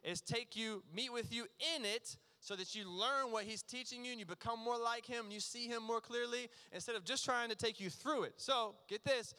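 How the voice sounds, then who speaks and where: A man preaching a sermon as pastor, earnest and emphatic, sometimes dropping to a near hush. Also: very high-pitched, normal speed, hardly any pauses, clear, resonant tone. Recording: long reverb of a large hall.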